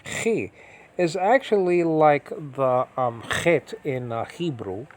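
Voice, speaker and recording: A man's voice: on the high side, animated, takes it slowly, a little mellow. Man, Bible Greek lesson, informal teaching talk, rambling, many restarts, checks if you follow. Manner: often checks in with listeners.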